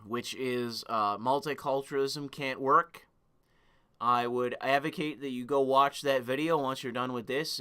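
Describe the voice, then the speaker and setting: A man's voice: mid-range voice, pushed and bright, clear, resonant tone. A young man hosting a livestream, talking in a profane, heated rant with stammering restarts. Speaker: livestream host. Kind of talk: ranting livestream monologue.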